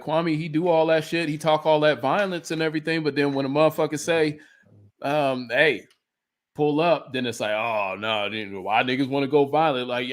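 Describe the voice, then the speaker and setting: A man co-hosting a podcast, ranting in a profane, heated way in casual chat. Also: on the high side. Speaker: podcast co-host.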